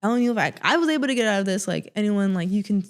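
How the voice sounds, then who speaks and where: A woman speaking as a podcast guest in a casual, soft-spoken way, full of "like" fillers. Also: medium pitch, animated, very fast. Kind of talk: casual interview conversation.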